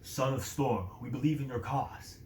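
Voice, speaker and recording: A man's voice: mid-range voice, moderate pace, darkish tone, lightly acted. A man voicing an earnest male rebel fighter explaining his cause, recorded in an echoey room. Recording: roomy echo, faint noise.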